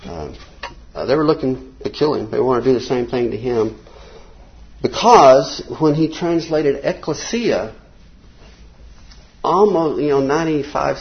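Here a man rambles through an informal Bible class built on slides, slowing down to read quotations with emphasis. He speaks at a medium pitch, and the recording is dull and lo-fi.

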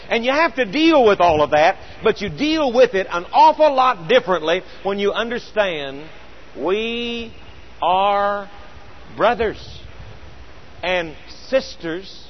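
A middle-aged man preaching a sermon, earnest and storytelling, slowing down with emphatic pauses. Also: sits high, muffled recording, slight background noise.

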